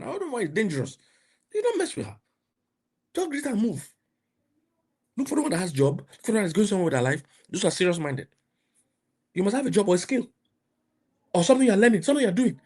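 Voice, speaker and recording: Husky-voiced Nigerian man preaching emphatically. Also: fairly high pitch. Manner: emphatic, repetitive, rising to loud outbursts. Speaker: pastor and mentor. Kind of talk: motivational preaching.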